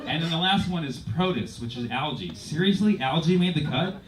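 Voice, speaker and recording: A man performing a stand-up comedy set on a club stage into a handheld mic, deadpan with sudden loud punchlines. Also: fairly high pitch, fairly quick. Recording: noisy live club recording with crowd laughter.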